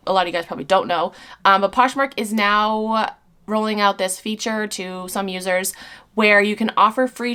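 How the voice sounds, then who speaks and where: A woman's voice: mid-range voice, fairly bright tone. A young woman from the United States answering viewer questions in a casual, rambling chat, often breaking off and laughing at herself. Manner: chatty and rambling, with frequent laughs and self-interruptions.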